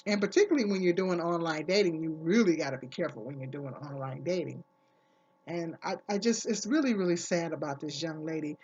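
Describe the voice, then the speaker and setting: A woman's voice: low voice, a little fast, a little mellow, husky, highs cut off. A woman vlogger talking casually to camera, giving earnest, emphatic advice and repeating her key phrases.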